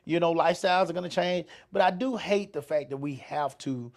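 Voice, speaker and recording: A man's voice: fairly high pitch, a little fast. A middle-aged man hosting a casual podcast chat, profane and joking, stammering and laughing often. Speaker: podcast host.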